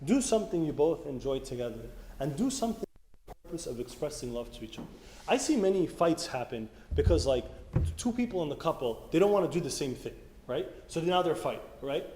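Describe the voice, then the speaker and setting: A man's voice: on the high side, big pitch swings, brisk, mellow. A man giving a casual, conversational sermon, often asking the audience questions. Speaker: speaker at a church youth meeting. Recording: echoey hall with faint room noise.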